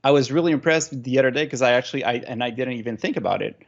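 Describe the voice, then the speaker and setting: A man's voice: mid-range voice, rapid-fire, creaky, muffled recording. A man with a French Canadian accent, a native French speaker, telling stories as a guest on a video call. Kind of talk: casual interview chat.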